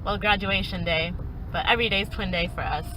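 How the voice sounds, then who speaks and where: A woman's voice: medium pitch, a little fast, noisy background. A young woman giving a playful, dramatic farewell message to her close friend. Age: young adult. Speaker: student club member.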